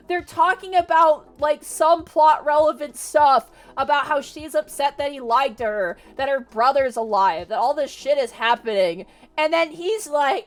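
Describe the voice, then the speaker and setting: A young woman streamer casually retelling a novel for her chat, animated and exasperated, swearing freely. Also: high voice. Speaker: VTuber streamer. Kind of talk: casual livestream book retelling. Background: faint music.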